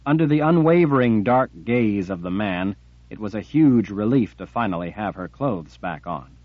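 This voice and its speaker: A man reading an audiobook in a steady, measured way. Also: lowish voice, dry recording, dull audio. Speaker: audiobook narrator. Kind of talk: audiobook narration.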